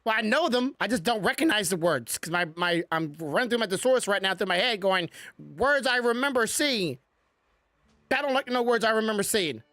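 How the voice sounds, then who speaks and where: A woman's voice: mid-range voice, expressive, brisk, a bit bright, dry recording, clean studio sound. A woman giving casual commentary while playing a game, chatty and self-mocking, stumbling as she reads the text aloud. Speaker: gaming streamer.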